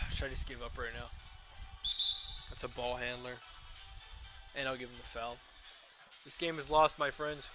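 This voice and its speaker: A man's voice: mid-range voice, a little slow, pauses often, over music, low-quality recording. A young man ranting casually while streaming a game, tipsy from drinking and swearing a lot as he talks into a headset mic. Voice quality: profane, ranty, excitable. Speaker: gaming streamer. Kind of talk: rambling casual rant while gaming.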